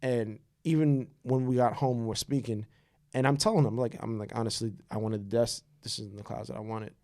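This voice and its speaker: A man's voice: mid-range voice, fairly even intonation, mellow. A young man co-hosting a podcast, telling a personal story in casual chat. He talks straightforwardly and acts out the lines of the people in his story. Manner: fast, straightforward storytelling, acts out quoted dialogue. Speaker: podcast co-host.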